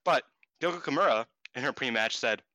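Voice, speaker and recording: A man's voice: mid-range voice, lively intonation, fairly quick, pushed and bright, no echo, highs cut off. A man co-hosting a casual chat podcast, rambling and self-deprecating with lots of fillers. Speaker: podcast co-host.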